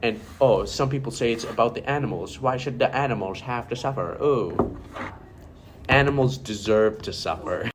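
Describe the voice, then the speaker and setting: A man's voice: medium pitch, normal speed, noisy background, close to an everyday voice. A man doing a smug macho influencer. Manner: blunt boastful ranting. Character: arrogant macho male influencer, impression. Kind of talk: amateur comedy skit.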